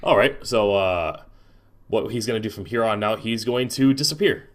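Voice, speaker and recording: A man's voice: fairly low pitch, moderate pace. A man narrating as game master of a tabletop game, hesitant and full of restarts.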